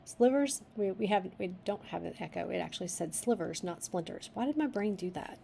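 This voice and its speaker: Reading a story draft aloud, a woman critic stops now and then to suggest edits, reasoning out loud as she goes. Her mid-range voice is warm and animated with vocal fry, a little fast, and there's a bit of hiss or hum.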